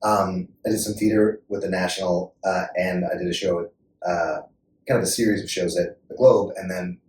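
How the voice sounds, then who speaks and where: A man from Illinois, an actor and podcast guest, telling lively anecdotes in a casual interview and laughing as he talks. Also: low voice, moderate pace. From Joliet, Illinois, USA. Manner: lively anecdotal storyteller, laughs while talking. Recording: echoey room, mic at a distance, faint noise.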